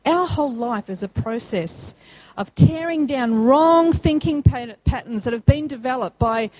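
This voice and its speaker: A woman preaching a sermon, emphatic and repetitive, climbing to excited high peaks when she calls out to the congregation. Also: unhurried, poor audio. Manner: emphatic, rising to high call-and-response peaks.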